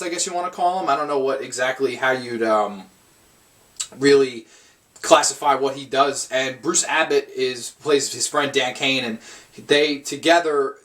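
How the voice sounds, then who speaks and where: A man's voice: mid-range voice, fairly bright tone. A man giving a casual, rambling film review, swearing often and restarting his sentences. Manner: rambling, profane, frequent restarts.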